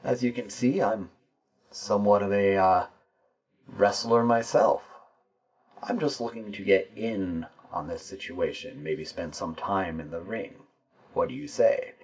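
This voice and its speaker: A man's voice: lowish voice, measured pace, husky. A man voicing a cane-wielding male investigator who coaxes and chums up to a captive, calling him chap. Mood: coaxing. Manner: coaxing, chummy, calls others chap.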